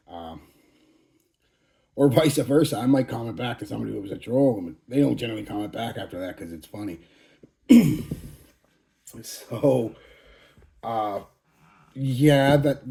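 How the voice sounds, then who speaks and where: A man's voice: mid-range voice, lively intonation, measured pace, gravelly, pauses often, warm tone. A man in his forties talking casually to his channel, blunt and profane, rambling with frequent restarts. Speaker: fragrance channel host. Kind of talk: casual channel update monologue.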